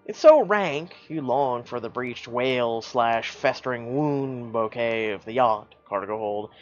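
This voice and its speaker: A streamer reads a choice-driven story game aloud, dropping into dry, sarcastic side comments along the way. The recording is dull and lo-fi. Soft game music plays underneath. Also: medium pitch. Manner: wry, sarcastic asides and laughter.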